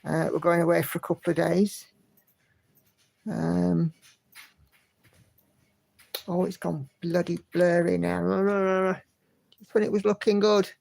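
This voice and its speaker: A woman's voice: on the low side, little pitch movement, slow, gravelly, long pauses, a little mellow. A woman hosting a casual livestream, chatting in a friendly way and greeting viewers by name as she reads their comments. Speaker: livestream host.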